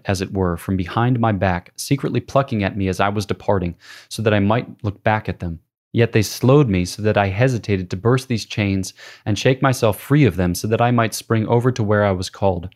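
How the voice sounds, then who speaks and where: A priest reading a spiritual classic aloud in a measured, solemn way. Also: male voice, fairly low pitch, a little mellow.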